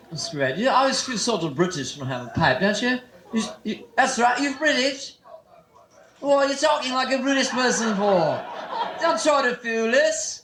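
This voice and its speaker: Brief: high-voiced young male comic, crowd-teasing stand-up, echoey club with audience noise. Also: lively intonation. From San Francisco. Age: 20s. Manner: loose, teasing crowd work with quick put-on voices. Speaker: stand-up comedian. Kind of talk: live stand-up set. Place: comedy club. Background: audience laughter.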